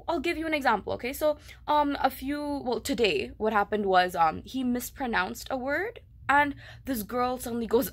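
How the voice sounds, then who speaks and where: A young woman, Tamil her first language, ranting in a casual vlog, animated and exasperated, full of "like" and "okay". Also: sits high, moderate pace, hardly any pauses. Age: young adult. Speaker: vlogger.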